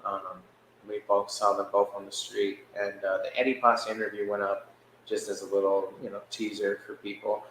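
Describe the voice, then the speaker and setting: Man, podcast co-host, casual storytelling, animated, laughs, echoey room. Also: fairly low pitch, brisk, slight background noise. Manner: animated, laughing, acts out quotes. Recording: echoey room with faint ambience.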